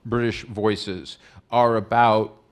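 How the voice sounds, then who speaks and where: A man hosting an on-stage interview, reading out audience questions and teasing his guest in a playful, energetic way. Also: fairly low pitch, takes it slowly, clear, resonant tone. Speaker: interview host.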